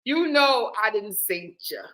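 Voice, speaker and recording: High-voiced woman host, aave, laughing so hard she's crying, dramatic, talking to y'all. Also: lively intonation, unhurried, a bit bright. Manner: laughing through tears, dramatic, addresses audience as y'all. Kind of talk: casual commentary to viewers.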